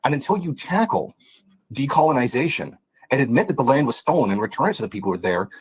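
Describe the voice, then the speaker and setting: A man's voice: medium pitch, big pitch swings, quick pace, slightly rough, low-quality recording. A man giving political commentary in an emphatic, lecturing way. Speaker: commentator in the reacted video.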